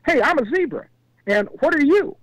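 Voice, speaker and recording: A curious, wide-eyed zebra, as a man puts him on, with a pitch that jumps well above his speaking voice and swings up and down. The questions come out high, eager and a little naive, like a storybook animal on a farm, and the voice sounds dry and close. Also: sing-song, normal speed, fairly bright tone, no room sound, exaggerated voice, poor audio.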